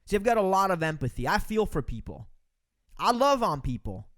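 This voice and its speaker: Guy from romania giving a pumped-up motivational podcast rant, high voice, swings up and down a lot. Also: very animated, a little fast, fairly bright tone. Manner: preachy, emphatic, addresses listeners as folks. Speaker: podcast host. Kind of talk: motivational monologue.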